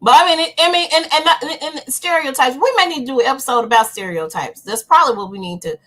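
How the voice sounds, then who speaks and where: Podcast co-host, woman, Memphis Southern accent, slightly high and bright, upbeat. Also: quick pace. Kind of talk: casual chat.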